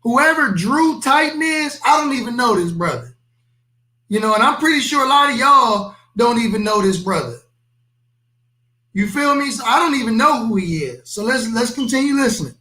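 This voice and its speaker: High-pitched, bright-voiced man reacting live. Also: animated, normal speed. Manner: emphatic, skeptical, addresses viewers directly. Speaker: live-stream reaction host. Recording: echoey room.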